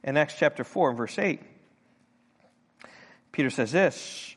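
An older man delivers a sermon in an animated, storytelling way, slipping into other people's voices as he quotes them. His voice sits a little high for a man, and it carries a long reverb, as if heard in a large hall. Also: measured pace, pauses often. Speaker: pastor.

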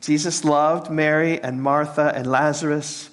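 A male pastor preaches in a voice pitched a little above the usual for a man, halting over his words and often repeating them. He sinks into a soft, near-whispered hush when a point turns tender. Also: flat delivery. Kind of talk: sermon.

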